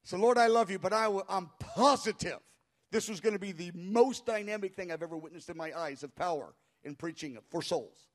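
A man pastor telling a story in a sermon before a live congregation, animated and halting, crying out when he acts out quoted voices. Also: high-pitched. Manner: halting with frequent restarts.

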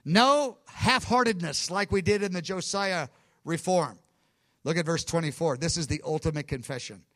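High-voiced fervent male preacher. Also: a bit bright, no room sound. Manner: fervent and emphatic, quick asides, self-corrections. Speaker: preacher teaching a Bible study. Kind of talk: sermon-style Bible teaching.

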